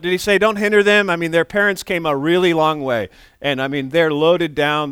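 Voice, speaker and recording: A man's voice: on the high side, a bit bright, clean tone, no room sound, clean studio sound. A man in his forties preaching a sermon in a conversational way, often restarting words and acting out quoted voices. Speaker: pastor.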